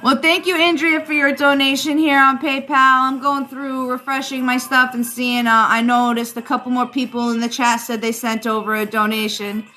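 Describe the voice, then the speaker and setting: A chatty woman with a Rhode Island accent gives a card reading on a live stream. She calls her viewers darling. Her voice sits a little high and sounds bright and forceful. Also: little pitch movement, moderate pace, few pauses. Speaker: psychic reader and livestream host.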